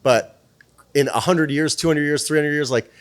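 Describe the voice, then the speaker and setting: A man who is a guest on a podcast, telling stories in a casual, animated way, swearing freely and acting out the dialogue. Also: a little high, moderate pace, smooth. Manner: animated, profane, plays out dialogue. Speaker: podcast guest, PR firm president. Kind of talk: casual storytelling.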